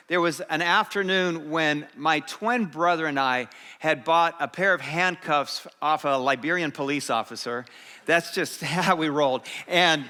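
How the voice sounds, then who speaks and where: Bright-voiced man preaching in a reverberant hall. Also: a little high. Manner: animated, lively storytelling with laughter. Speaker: pastor. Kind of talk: sermon with personal storytelling. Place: church.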